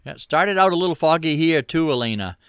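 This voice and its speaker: A middle-aged man from Maine with a Maine accent, hosting a relaxed livestream chat with viewers, rambling easily with lots of fillers. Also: fairly high pitch, fast, clean tone, no echo, studio quality. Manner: easygoing, rambling, many uh fillers, chuckles. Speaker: livestream host. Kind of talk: casual chat reading viewer comments.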